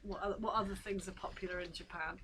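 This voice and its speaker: A bright-voiced woman co-hosts a casual live stream. She is chatty and chirpy and breaks into laughter often. A faint hum sits under her voice. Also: medium pitch, steady tone, fast talker.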